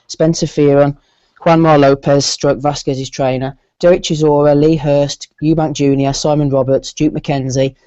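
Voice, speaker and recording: A man hosts live boxing chat, rattling through lists and throwing to his panel. His voice sits a little high but sounds dark and mellow. The audio is dull, dry and lo-fi. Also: flat delivery, normal speed, no room sound. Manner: runs the show, reads lists and calls on panelists. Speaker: podcast host.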